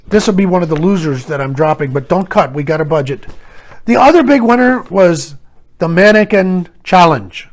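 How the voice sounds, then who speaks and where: An older man giving a blunt, sarcastic opinion monologue to camera, scoffing at the year's trends. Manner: mocking voices of others in raised pitch. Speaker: commentary vlogger.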